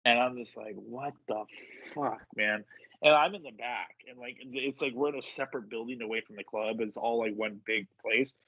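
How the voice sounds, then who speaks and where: A man's voice: medium pitch, steady tone, fairly quick, hardly any pauses, fairly bright tone, no room sound, dull audio. A man telling wrestling stories in casual chat, swearing freely and acting out what people said. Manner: profane, acts out voices in quotes. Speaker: wrestler guest.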